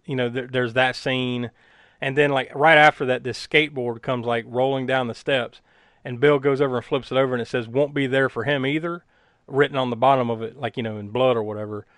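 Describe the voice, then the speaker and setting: A man's voice: mid-range voice, fairly even intonation, a little fast, a bit bright, no room sound, clean studio sound. A man recapping a movie in casual chat, rambling with many fillers and frequent laughs. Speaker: podcast co-host recapping a film.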